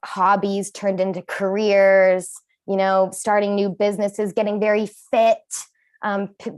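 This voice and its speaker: A woman doing a stand-up comedy set at a virtual event, self-deprecating and animated, laughing at her own jokes. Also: on the high side.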